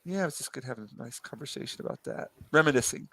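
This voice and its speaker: A man's voice: medium pitch, animated, rapid-fire, fairly bright tone. A man chatting casually on a stream, rambling with lots of fillers. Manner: rambling, full of fillers and restarts. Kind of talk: casual chat.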